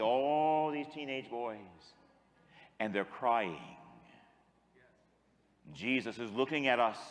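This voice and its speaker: Speaking in a mid-range voice, a priest shares a story during his sermon and then guides the congregation through call-and-response. The large church around him carries a long echo.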